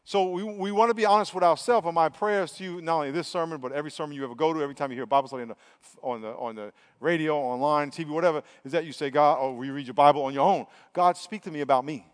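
A man with a high voice preaches a sermon, chatting with his listeners and then pressing his points hard. He acts out little quoted exchanges along the way. His voice rings with the long reverb of a large hall. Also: racing. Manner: conversational, emphatic preaching with acted-out quotes. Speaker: pastor.

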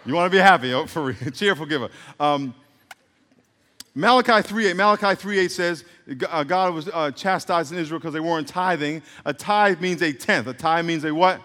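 A man's voice: a little high, moderate pace, bright, forceful tone. A middle-aged man preaching a sermon as a pastor, joking in rambling asides and calling for responses from the congregation. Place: church sanctuary. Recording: reverberant hall.

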